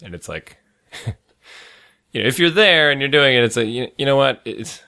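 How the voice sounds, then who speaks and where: A man's voice: mid-range voice, lively intonation, normal speed, creaky, pushed and bright, clean tone. A man co-hosting a podcast, making dry joking asides in a casual chat. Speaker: podcast co-host.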